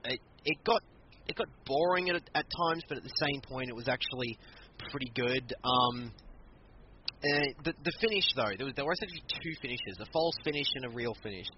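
A man's voice: medium pitch, brisk. A man co-hosting a casual podcast, animatedly retelling a wrestling match and acting out what people said. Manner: animated storytelling, acts out quotes. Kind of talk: casual chat recapping matches. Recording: muffled lo-fi audio with background noise.

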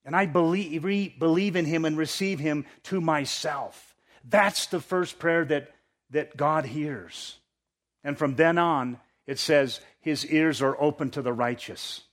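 A man preaching a sermon, reading scripture with rising intensity and dropping to quiet asides, often repeating words as he restarts. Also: measured pace. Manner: preaching, rises in pitch and force when reading scripture, drops low for asides. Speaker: pastor.

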